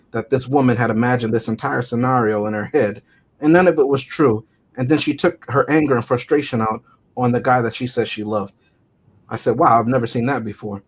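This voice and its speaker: Husky laughing man reviewing movies. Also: mid-range voice. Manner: animated, laughs often, theatrical quoting. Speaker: podcast co-host. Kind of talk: casual movie review chat.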